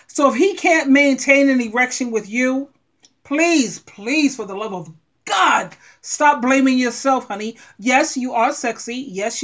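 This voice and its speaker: Blunt, animated woman with a high voice. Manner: blunt, animated, talks straight to the viewer. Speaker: advice vlogger. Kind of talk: frank advice monologue.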